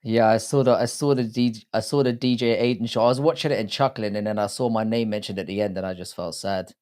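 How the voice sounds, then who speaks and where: A British streamer with a lowish, steady, slightly mellow voice talks at a quick pace as he hosts his live stream. His manner is crude and casual, full of swearing, as he reads out chat and greets people by name.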